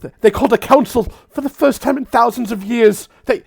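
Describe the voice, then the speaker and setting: A man's voice: very high voice, a little fast, vocal fry, breathy edge, no room sound, pitched above the performer's own voice, full character voice. A man doing a frantic stammering woman. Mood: panicked. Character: panicked young woman messenger.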